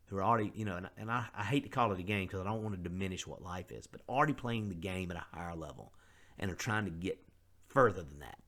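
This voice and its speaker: A middle-aged man with a drawl talks through a motivational podcast in a fairly low voice. He sounds earnest and conversational, freely owning up to his mistakes. His speech is loose and full of fillers. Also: fairly bright tone. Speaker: podcast host. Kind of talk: candid motivational podcast monologue.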